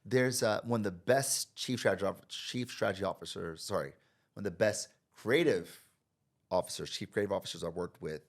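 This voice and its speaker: Speaking low and at an even pace, an American man who works in marketing shares interview stories as a podcast guest, animatedly mimicking the people in them with sharp leaps in pitch.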